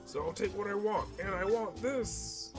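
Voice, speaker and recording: A man's voice: sits high, a little slow, over music, pitched above the performer's own voice. A man voicing a boastful, blustering villain king in a game. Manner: blustering and loud.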